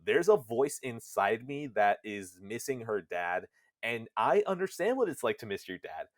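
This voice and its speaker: A man doing a calm, gentle young girl. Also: medium pitch, normal speed, no room sound, clean studio sound, lightly acted.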